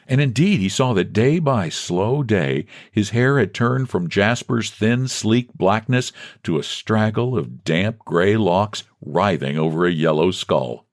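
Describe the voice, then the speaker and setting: A man narrating a classic short thriller story in a measured storytelling manner. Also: lowish voice, expressive, dry recording, studio quality. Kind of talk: scripted narration.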